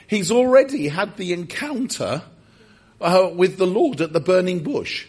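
A man preaching a sermon, telling stories and breaking off into animated asides and self-corrections. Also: sits high, a little slow, breathy edge. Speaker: guest preacher.

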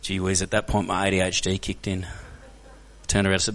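An Australian man telling stories as a guest speaker to a church crowd, animated and joking, often putting questions to the audience. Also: sits low, a little fast. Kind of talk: energetic storytelling talk to a church audience. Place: church hall.

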